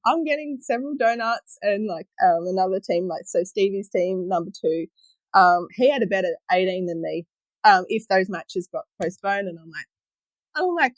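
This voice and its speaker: A woman's voice: medium pitch, lively intonation, normal speed, no room sound, poor audio. A woman, a guest telling stories in a casual podcast chat and laughing often. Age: 30s. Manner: chatty storyteller, laughs often.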